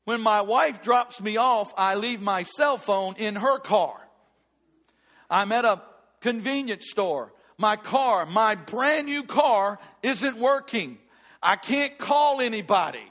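A middle-aged male pastor preaching a sermon and telling a personal story, shifting between loud emphatic lines and hushed ones. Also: high voice, expressive, slow.

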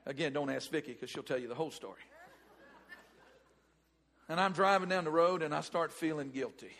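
A man preaching a sermon, animated, swinging from loud outbursts to hushed asides. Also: fairly high pitch, fairly quick, vocal fry.

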